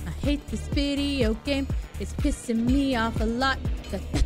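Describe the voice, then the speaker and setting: A woman streaming a video game live, chatting with viewers, swearing and yelling at enemies. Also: high voice, steady tone, a little slow. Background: game music.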